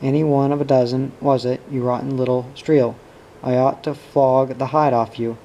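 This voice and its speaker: This is a furious, bullying middle-aged father, voiced by a man reading aloud. The voice stays mellow and low-key and barely rises or falls in pitch, so the cruelty rests on the words. A faint hum sits behind it. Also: little pitch movement, normal speed, muffled recording, close to an everyday voice. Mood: raging. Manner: shouting abuse, bullying.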